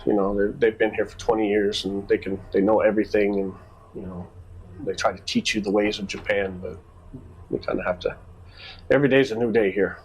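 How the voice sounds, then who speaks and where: A man's voice: on the low side, a little fast, breathy edge, low-quality recording. A man chatting casually on a podcast, telling stories and acting out the people in them. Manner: animated storyteller acting out quoted exchanges. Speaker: podcast co-host. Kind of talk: casual storytelling chat.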